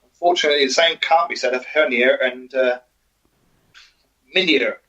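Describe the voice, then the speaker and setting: A man's voice: mid-range voice, steady tone, fast, pushed and bright. A man co-hosting a casual podcast, reading out notes with many ums and joking asides. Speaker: co-host. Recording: muffled lo-fi audio.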